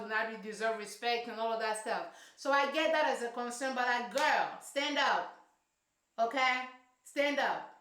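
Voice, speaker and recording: A woman's voice: fairly high pitch, a bit bright. A woman reviewing a reality show in casual, sassy, emphatic commentary full of slang. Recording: roomy echo.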